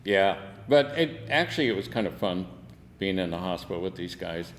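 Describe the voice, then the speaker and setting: A man's voice: deep voice, animated, normal speed, in a large hall, a little hiss or hum. An older man, a veteran, telling war stories in an oral history interview, salty and laughing, acting out the quotes. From United States.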